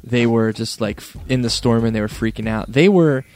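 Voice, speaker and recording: Co-hosting a Christian radio podcast, a man chats casually in a laid-back, rambling way and laughs often. His mid-range voice is brisk with a darkish tone, and soft music plays in the background.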